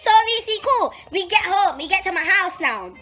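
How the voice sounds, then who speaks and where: A young woman telling a dramatic story vlog, animated and swearing freely. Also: very high-pitched, normal speed, soft background music. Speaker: vlogger.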